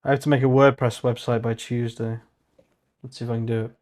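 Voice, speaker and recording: A man's voice: medium pitch, level tone, fast, a little mellow. A young man vlogging as he works, thinking aloud and muttering to himself, with casual swearing. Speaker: vlogger coding on stream.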